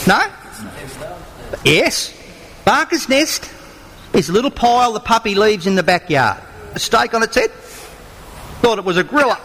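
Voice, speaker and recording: A man's voice: high-pitched, big-room sound, background noise. An Australian man, a songwriter, telling yarns and jokes to a live audience in a folksy, chatty way. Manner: folksy, chatty, slow-building delivery. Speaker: songwriter and yarn-teller. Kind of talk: live storytelling and joke-telling.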